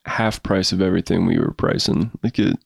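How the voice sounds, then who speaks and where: Middle-aged male co-host, laid-back talker, low gravelly voice, dry close mic. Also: a little fast, no room sound. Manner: relaxed, fills in with short agreements. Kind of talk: casual storytelling chat.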